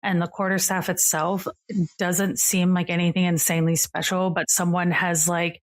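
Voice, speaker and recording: A woman's voice: on the low side, little pitch movement, moderate pace. A woman narrating a tabletop game as game master, describing scenes casually with lots of "like" fillers.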